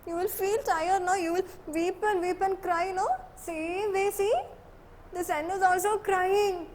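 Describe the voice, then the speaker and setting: A woman's voice: very high voice, fairly even intonation, unhurried, darkish tone, a little hiss or hum. A woman teacher telling a story to young children in a sing-song way, often asking them questions. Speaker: primary school teacher.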